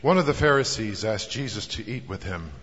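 A man reading a scripture passage aloud in a measured, solemn way. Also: on the low side, expressive, fairly bright tone. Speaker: scripture reader. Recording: dull, long reverb in a hall.

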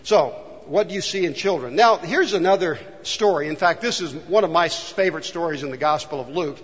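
A man's voice: on the high side, brisk, a bit bright, husky. A man from California preaching a sermon, earnestly asking the congregation rhetorical questions. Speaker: pastor. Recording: dull, long reverb in a hall.

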